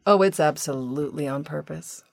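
A woman's voice: sits low, normal speed, gravelly, no room sound. An American woman, a podcast guest, speaking firmly and matter-of-factly. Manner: firm, matter-of-fact. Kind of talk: casual podcast interview.

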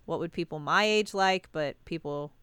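A woman co-hosting a casual sisters' podcast, giggling and rambling, often trailing off before she finishes a thought. Her voice is smooth and clear at a middling pitch. The sound is close and dry, with no room around it. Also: moderate pace, fairly bright tone, no room sound. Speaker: podcast co-host.

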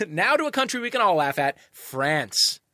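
A man's voice: high-pitched, very animated, unhurried, pushed and bright, a little hiss or hum. A man hosting a comedy quiz show, reading questions and joking with the panel, laughing often.

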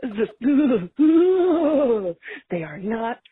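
A woman calling in to a podcast, telling a story in an expressive, swearing, casual way. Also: on the high side, very slow, heavy background noise. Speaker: caller. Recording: tinny phone line.

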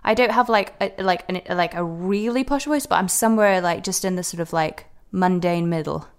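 Woman, quiet posh English accent, podcast guest, casual chat, lots of fillers and restarts. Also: lowish voice, moderate pace, clear, resonant tone. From Britain. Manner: chatty and hesitant, full of fillers and restarts.

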